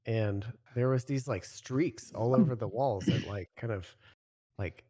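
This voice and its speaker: A man of medium pitch co-hosts a casual gaming podcast. He tells stories in a loose, rambling way, full of filler words. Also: measured pace, dark tone. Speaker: podcast co-host. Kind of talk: casual chat, storytelling.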